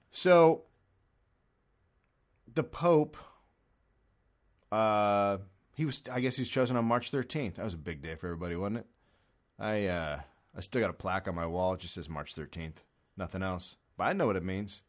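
A man's voice: mid-range voice, lively intonation, fast talker. A man from America doing a rambling, profane comedy monologue, sarcastic and acting out little voices. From United States.

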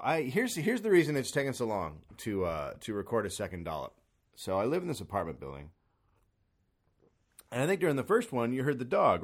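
A man hosting a podcast alone at home, ranting comically in an exasperated, profane way with sudden loud bursts. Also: mid-range voice, gravelly. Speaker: podcast host. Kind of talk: solo comedic rant. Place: son's room in an apartment. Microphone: studio microphone.

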